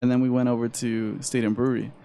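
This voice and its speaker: A man's voice: mid-range voice, quick pace, vocal fry. A young man co-hosting a casual podcast chat, telling a story in a loose, profane way. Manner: animated storyteller, swears freely, acts out quoted voices. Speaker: podcast co-host.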